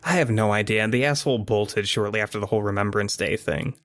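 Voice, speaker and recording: A man's voice: fairly low pitch, quick pace, fairly bright tone, no echo, studio quality. A man voicing a teasing, streetwise teenage girl in a tabletop game, with a lazy, sly drawl. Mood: blunt. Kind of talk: tabletop actual-play character voice.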